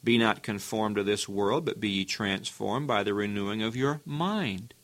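A man's voice: moderate pace, a bit bright. A man preaching a sermon, earnest and emphatic, asking the listeners rhetorical questions. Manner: earnest, emphatic, with sudden rises in pitch.

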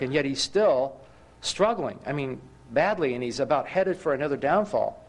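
A male preacher delivering a sermon in a mid-pitched voice. He tells his story with animated rises and emphatic bursts, often stumbling and restarting his sentences.

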